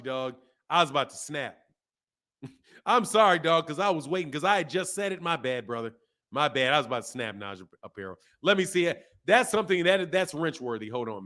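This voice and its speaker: A man hosting a boxing live stream, reading viewer comments and ranting in animated, slangy talk. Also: a little high. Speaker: boxing channel host.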